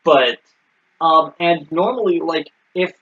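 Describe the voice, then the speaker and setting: A man's voice: on the high side, takes it slowly, pushed and bright. A man co-hosting a casual recap chat, explaining things with many ums and restarts. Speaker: podcast co-host. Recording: dull lo-fi recording.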